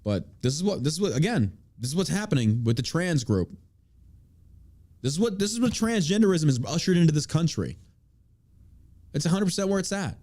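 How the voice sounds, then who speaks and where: A man's voice: on the high side, big pitch swings, brisk, long pauses, a little mellow. A man hosting a podcast, ranting angrily and cursing in casual chat. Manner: angry profane ranting. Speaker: podcast host.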